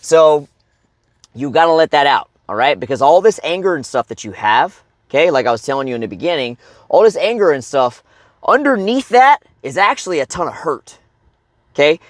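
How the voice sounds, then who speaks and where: A man's voice: a little high, sing-song, moderate pace, no room sound, clean studio sound. A middle-aged man coaching other men, talking bluntly with heavy swearing and checking in with "okay?" and "right?". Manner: blunt and heavily profane, keeps asking "okay?" and "right?". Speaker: life coach. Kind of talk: motivational advice talk.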